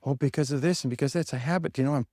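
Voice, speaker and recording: A man voicing a self-doubting male elephant who whines excuses about why he can't break free, his voice pushed higher than his own. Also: racing, mellow, no room sound, clean studio sound, natural voice. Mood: whining. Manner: whiny, protesting excuses.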